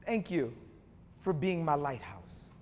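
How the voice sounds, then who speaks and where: A man performing slam poetry before an audience, rhythmic, with emphatic rises between relaxed, joking asides. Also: a little high, slow pace, background noise. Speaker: performance poet. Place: university hall before an audience. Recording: long hall reverb from a live stage.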